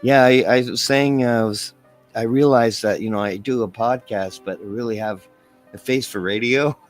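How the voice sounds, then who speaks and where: A man's voice: medium pitch, normal speed, soft background music. A man from Canada hosting a podcast, easygoing and affirming in casual talk, his voice worn. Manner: easygoing, affirming, laughs often. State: voice worn, losing it. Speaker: podcast host.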